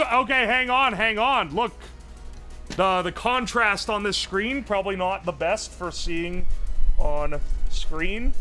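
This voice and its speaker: A young man with a high voice is live-streaming, chatting casually and thinking out loud as he tinkers. He's excitable and swears a lot.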